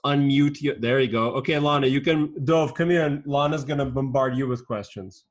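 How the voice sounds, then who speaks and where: With a mid-range voice, an upbeat, patient teacher runs an online class for young children over a video call, firing off quick strings of questions.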